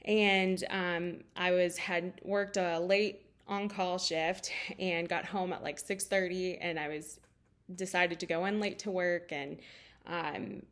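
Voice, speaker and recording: Woman, 30s, life coach; open, emotional storyteller, slightly low voice, lots of ums. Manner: candid and emotional, with many fillers. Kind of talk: personal storytelling talk.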